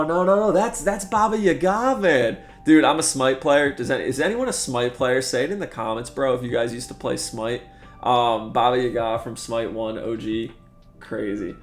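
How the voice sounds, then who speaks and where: A young man talks through his gameplay in a relaxed, rambling way, speaking in an ordinary middle register. He chats straight to his viewers as a regular host. Quiet music plays softly beneath his voice. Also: mid-range voice. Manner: chatty and laid-back, constantly says "man". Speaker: gaming video host. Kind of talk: casual gameplay commentary.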